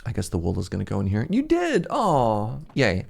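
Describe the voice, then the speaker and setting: A man's voice: on the low side, lively intonation, brisk, vocal fry. A young man streaming a game, chatting casually and rambling, laughing at himself often. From Canada. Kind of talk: casual livestream chat while gaming.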